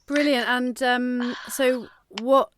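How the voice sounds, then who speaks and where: A woman's voice: fairly high pitch, fairly even intonation, slow pace, slight background noise. A young British woman hosting a podcast, talking to her listeners in a cheerful, upbeat way. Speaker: podcast host. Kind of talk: podcast monologue and phone interview.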